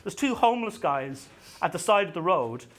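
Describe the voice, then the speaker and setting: A man's voice: sits high, very animated, a bit bright. Irish guy doing stand-up, voice jumps all over the place, keeps stammering and repeating himself. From Ireland. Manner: halting, stammers and repeats words while telling self-mocking stories. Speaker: stand-up comedian. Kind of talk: stand-up comedy set. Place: comedy venue stage.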